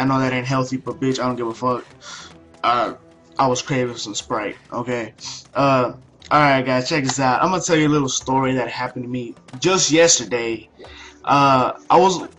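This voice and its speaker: A man's voice: mid-range voice, fairly even intonation, moderate pace, fairly bright tone, faint music behind. A young man telling a story over gameplay in a casual, profane, ranting way, with many restarts. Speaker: video commentator.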